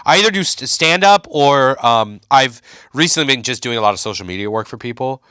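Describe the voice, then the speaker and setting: A young male comedian chatting casually as a podcast guest, telling animated stories and mimicking the people he quotes. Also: medium pitch, a little fast, clean tone, no echo, clean studio sound. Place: Chicago.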